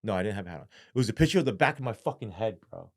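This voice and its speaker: A man's voice: on the low side, racing. New guy telling a story on a podcast, lots of cursing, acts out what people said. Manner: profane, animated retelling with acted-out quotes. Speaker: interview guest, former police sergeant. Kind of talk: casual storytelling.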